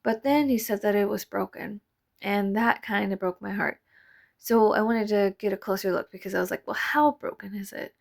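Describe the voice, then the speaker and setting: A woman's voice: mid-range voice, fairly even intonation, moderate pace, creaky. A young adult woman narrating a casual vlog voice-over, rambling, laughing often and swearing offhandedly. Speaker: vlogger. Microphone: voice-over mic.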